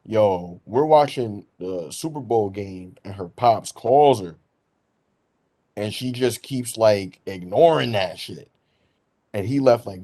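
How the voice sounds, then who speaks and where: Young New man, podcast host, animated storyteller, plenty of slang. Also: lowish voice. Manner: animated, slangy, laughs through his story. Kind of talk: casual storytelling chat.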